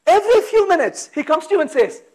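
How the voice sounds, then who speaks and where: A man giving a technical talk at a conference, talking in a lively way, firing off rhetorical questions and acting out exasperated asides. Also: extremely high pitch, fast talker. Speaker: conference speaker. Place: conference hall.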